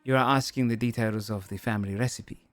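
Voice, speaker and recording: A man's voice: fairly low pitch, steady tone, a little fast, no echo, faint music behind, natural voice. A man voicing a shrewd female councillor who explains her terms persuasively.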